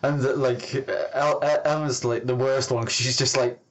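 A man's voice: medium pitch, level tone, poor audio. A man co-hosting a podcast, chatting casually and stumbling over words as he asks and recalls. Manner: halting, restarts words often. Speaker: podcast co-host. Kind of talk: casual chat.

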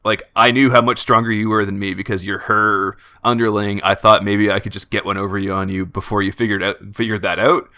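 A man voicing a giant male vampire hunter who is hurt and quickly gives up, breezy and dismissive. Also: on the low side, level tone, pushed and bright, no room sound. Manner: panicked, then breezy and dismissive.

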